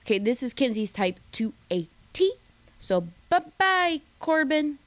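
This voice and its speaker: A woman recapping a reality dating show in a chatty, gossipy way, slipping into quick mimicked voices of the cast. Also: high-pitched, very animated, no room sound. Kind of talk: casual recap commentary.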